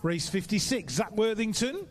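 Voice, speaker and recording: This race announcer's voice is high-pitched and animated as he provides live commentary at an outdoor track. He rattles off rider names briskly and chats in asides between calls.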